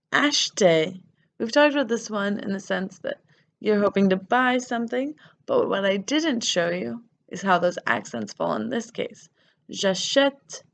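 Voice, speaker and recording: Woman, French teacher, slow delivery, gravelly fry, patient letter-by-letter spelling. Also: mid-range voice. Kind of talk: grammar lesson.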